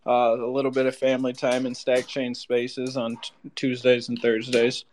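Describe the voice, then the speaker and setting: A man's voice: mid-range voice, monotone, normal speed, a little hiss or hum. A man speaking casually in a tired, hesitant way. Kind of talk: casual chat.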